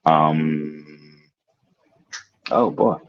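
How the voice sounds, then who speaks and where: Speaking extremely slowly in a rumbling low voice, a man co-hosts a casual podcast. He's laid-back and rambling, packing his speech with fillers and "you know what I'm saying." The video-call audio sounds dull and lo-fi, like a remote call.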